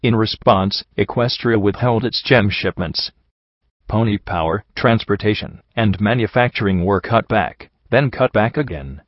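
A man giving measured, somber first-person audiobook narration. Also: fairly low pitch, no room sound, highs cut off.

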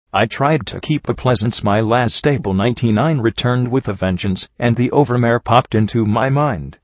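A man reading a fan fiction story aloud in an even, wry storytelling manner. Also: medium pitch, moderate pace, few pauses, no room sound, dull audio. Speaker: audiobook reader. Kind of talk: fan fiction audiobook narration.

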